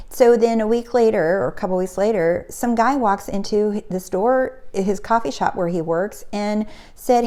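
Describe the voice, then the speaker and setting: A woman's voice: medium pitch, moderate pace, mellow. A middle-aged woman, a spiritual coach, telling a personal story in a casual motivational talk and acting out the quotes.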